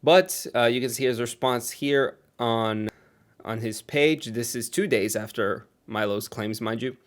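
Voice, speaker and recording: A man's voice: mid-range voice, unhurried. A man doing casual commentary on online drama, sarcastic and gossipy, with chuckles.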